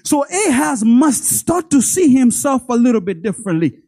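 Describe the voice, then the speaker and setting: Animated preacher with stammering repeats. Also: high voice, normal speed, no echo. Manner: animated, stammers and repeats words, laughs between lines; speaks directly to the congregation, acting out God's voice. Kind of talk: sermon.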